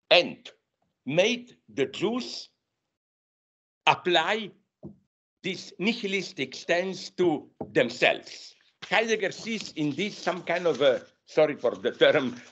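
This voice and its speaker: Male lecturer, slow delivery, fairly high and animated pitch, digressive with constant self-corrections, in a university room. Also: slightly rough. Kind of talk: masterclass lecture. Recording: dull lo-fi lecture recording.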